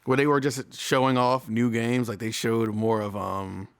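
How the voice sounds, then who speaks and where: A man's voice: medium pitch, little pitch movement, measured pace, clear, resonant tone, no echo. A young man co-hosting a gaming podcast, explaining things thoughtfully in casual chat. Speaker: podcast co-host.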